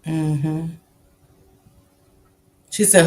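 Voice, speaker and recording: A woman's voice: medium pitch, moderate pace, fairly bright tone. A woman, chatting casually with her live-stream viewers, talking loosely, swearing freely and laughing often. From American South. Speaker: livestream host. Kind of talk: casual live-stream chat reading comments.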